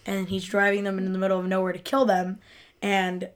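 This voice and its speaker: A woman's voice: medium pitch, level tone, normal speed. A woman co-hosting a casual chat, laughing often and adding short replies. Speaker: podcast co-host.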